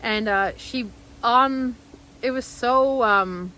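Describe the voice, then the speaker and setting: Rambling, heartfelt woman vlogger, higher voice. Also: slow pace, pushed and bright, slight background noise, low-quality recording. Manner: rambling, heartfelt, heavy use of "like" and restarts. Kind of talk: candid personal storytelling to camera.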